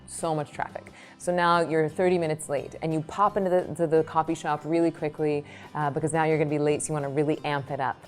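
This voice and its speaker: A woman meditation teacher answering interview questions, telling lively examples with quick asides. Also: deep voice.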